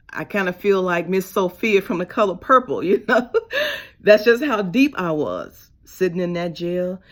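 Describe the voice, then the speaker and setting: A woman with a tells her story straight to the camera in a personal vlog. Her voice sits on the low side. She drops to a hush, then rises to emphatic bursts. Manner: expressive, swings from hushed to emphatic. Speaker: vlogger.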